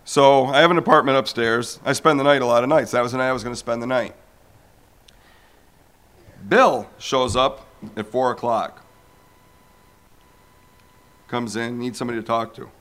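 A man in his forties telling a personal faith story, animated and acting out the voices of people he quotes. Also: moderate pace, long pauses. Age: 40s. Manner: animated storyteller who acts out quoted voices with big pitch jumps. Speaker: speaker sharing a personal testimony. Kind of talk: storytelling testimony talk.

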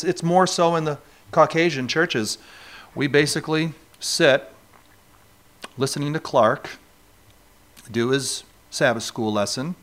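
A man's voice: mid-range voice, a bit bright. A man from New York State preaching a sermon, talking conversationally and asking the congregation rhetorical questions. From New York State, USA. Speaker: pastor.

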